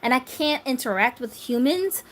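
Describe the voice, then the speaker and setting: Animated woman chatting on a phone stream. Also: high-pitched, normal speed. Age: 30s. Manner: animated, laughs often, reads viewer comments aloud. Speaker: doll channel host. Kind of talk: casual livestream chat.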